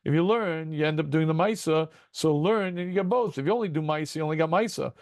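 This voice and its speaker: A rabbi leads an interactive Talmud class over a video call. His fairly high voice is gravelly, and the sound is dry and close. He throws rhetorical questions at his students and calls them gentlemen. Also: no echo. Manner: self-deprecating chuckles, quick asides.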